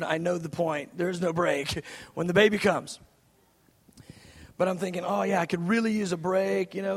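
A man's voice: high voice, gravelly. A man in his thirties preaching a sermon, telling a story in an earnest way with many fillers and restarts. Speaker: pastor. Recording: long reverb of a large hall.

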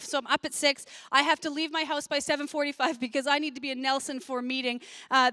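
Lady pastor in her 40s, high clear voice, chatty and laughing a lot, dry close sound. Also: bright, forceful tone, dry recording. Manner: chatty, laughs often, talks in quick asides. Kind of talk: sermon with a personal story.

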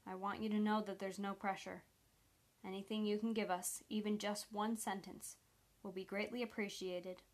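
A woman reading the lines of a calm, gentle male federal agent who speaks persuasively. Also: medium pitch, moderate pace, natural voice.

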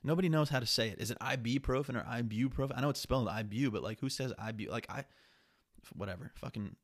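A man's voice: medium pitch, expressive, fast. A young man hosting a solo podcast, talking in a rambling, profane, candid way. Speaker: podcast host. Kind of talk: casual solo podcast monologue.

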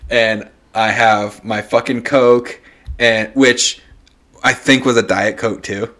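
Man, casual co-host, swears a lot, tells stories with a laugh, mid pitch. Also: slow. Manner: profane, animated storytelling with bursts of laughter. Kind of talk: casual storytelling chat.

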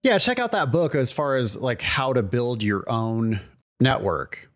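A man co-hosting a podcast, talking casually and joking with quick asides. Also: medium pitch, lively intonation, fairly bright tone. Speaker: podcast co-host.

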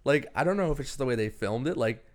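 A man co-hosting a podcast, chatting about a horror film in an animated, jokey way. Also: medium pitch, quick pace. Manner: animated, jokey, mimics characters. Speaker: podcast co-host. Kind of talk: casual movie review chat.

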